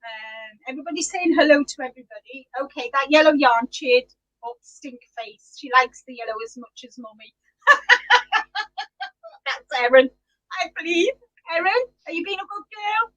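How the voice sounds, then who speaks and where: A woman's voice: high voice, animated, normal speed, pushed and bright, rough recording. A middle-aged woman hosting a live knitting podcast, chatty and giggly, greeting viewers by name. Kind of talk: casual live-stream chat.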